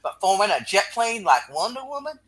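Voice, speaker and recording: A confident green superheroine, read earnestly by a man in his own voice. The tone is bright with a husky edge. The pitch moves lively and a touch high. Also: fairly quick, full character voice, poor audio. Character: She-Hulk, a strong, confident green superheroine. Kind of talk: comic book read-aloud.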